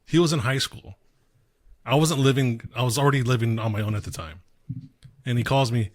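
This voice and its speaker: A man co-hosting a casual podcast, telling a story in a relaxed way with swearing and laughs. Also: medium pitch, brisk, long pauses. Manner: laid-back, swears, laughs through stories. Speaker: podcast co-host.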